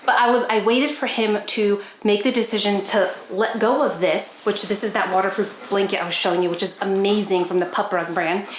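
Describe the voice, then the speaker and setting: A woman's voice: medium pitch, steady tone, brisk, few pauses. A woman chatting casually to her viewers while doing chores at home, talking to her dogs now and then. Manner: chatty, talks to her dogs in a bright coaxing voice. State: a bit out of breath from chores. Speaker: pet vlogger. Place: bedroom at home. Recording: echoey room, faint noise.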